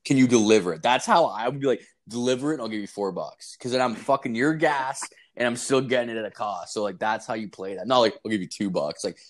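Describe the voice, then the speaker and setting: A man's voice: medium pitch, fast talker, few pauses. A man, swearing constantly as he tells rambling stories in a casual chat. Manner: profane, animated storytelling.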